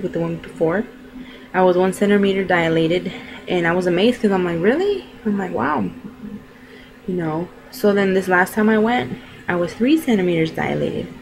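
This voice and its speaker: A young woman talks casually to her camera, rambling along with plenty of fillers. Her voice sits a little on the low side. A faint hiss of noise runs behind her. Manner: chatty, rambling, full of fillers. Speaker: vlogger. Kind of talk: casual chat.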